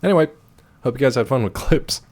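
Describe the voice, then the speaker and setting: A male game streamer casually telling a story to his chat, animated and laughing often. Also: medium pitch, fast. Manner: animated, laughs often, swings loud and quiet.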